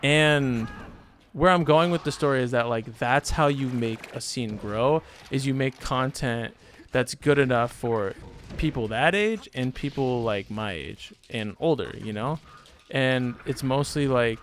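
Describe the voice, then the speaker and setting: A man's voice: medium pitch, a little hiss or hum. A young man streaming from home, telling a story in a loose, rambling way with lots of fillers. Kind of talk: casual storytelling chat.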